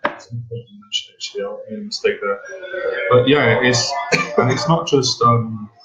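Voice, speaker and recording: A man's voice: mid-range voice, very animated, brisk, echoey room, very noisy. A man in a casual chat on dating, rambling and repeating himself as he talks. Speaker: dating coach.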